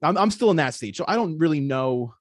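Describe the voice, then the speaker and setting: A man's voice: on the high side, lively intonation, a little fast, no room sound, studio quality. A young adult man, a podcast guest, talking in a laid-back way with lots of fillers in casual conversation.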